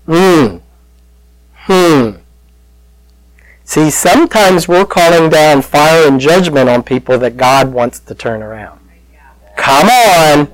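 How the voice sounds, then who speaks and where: Guy preaching a sermon, kinda high voice, lively storytelling, dry close sound. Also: slow pace, pauses often, dry recording, poor audio. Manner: conversational, animated storytelling with audience call-outs. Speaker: pastor.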